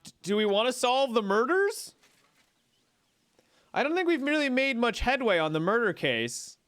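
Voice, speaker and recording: Male streamer, chatty game commentary, high lively voice, clear, game music in background. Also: moderate pace. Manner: chatty, rambling, talks to chat. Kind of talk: live gameplay commentary.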